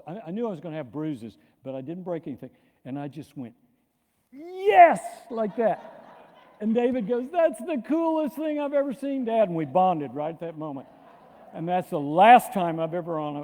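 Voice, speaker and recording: An older man, a pastor, giving a lively, animated storytelling lecture with frequent restarts. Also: a little high. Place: lecture hall. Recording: long hall reverb.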